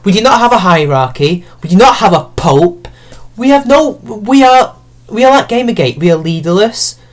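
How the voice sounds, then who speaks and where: A man's voice: high voice, expressive, moderate pace. A man giving a sarcastic, profane rant as an online commentator picking apart an article.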